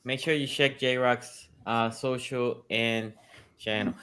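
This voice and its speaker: Male host, middle pitch, lively casual sports-podcast delivery. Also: slow, clear, resonant tone. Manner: energetic, reads out chat comments. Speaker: show host.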